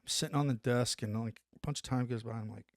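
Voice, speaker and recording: A man and former Army Ranger tells a story from his service days in a loose, profane, animated way, jumping into the voices of the people in it. His voice sits at an ordinary pitch. The recording is close and dry. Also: fast, dry recording. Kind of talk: casual storytelling interview.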